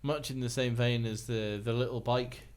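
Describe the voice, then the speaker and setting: A man's voice: medium pitch, fairly even intonation, moderate pace. A man co-hosting a casual podcast, chatty and jokey, greeting listeners by name. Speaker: podcast co-host.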